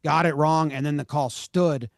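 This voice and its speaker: Podcast co-host, man, exasperated ranting delivery, a touch higher than most, dry close sound. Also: fairly even intonation, moderate pace, creaky, no room sound. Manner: fired-up, exasperated, swears. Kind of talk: casual sports podcast chat.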